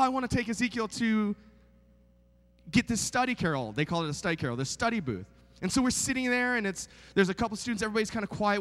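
A man's voice: high voice, a bit bright. A man in his thirties preaching a sermon as a guest, telling funny stories in a chatty, self-mocking way with lots of fillers. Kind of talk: joking storytelling sermon. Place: large church sanctuary. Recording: long hall reverb in a big church.

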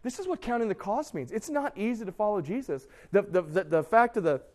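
Young male youth pastor, slightly high voice, chatty and joking sermon style. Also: fairly quick. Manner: casual, joking, lively storytelling with many fillers and restarts.

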